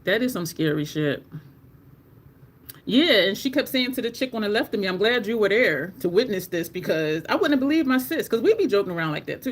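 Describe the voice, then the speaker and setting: A woman beauty vlogger tells a story while she does her makeup. She talks casually and swears freely, and her voice leaps into high squeaks whenever she quotes herself. Her voice sits at a medium pitch. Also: brisk, a little hiss or hum. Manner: animated, swears, jumps to high squeaks when quoting herself.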